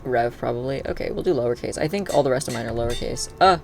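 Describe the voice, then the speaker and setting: A live streamer chatting casually while playing, thinking aloud and breaking into excited cheers. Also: medium pitch, fast talker, vocal fry. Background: faint background music and keyboard typing.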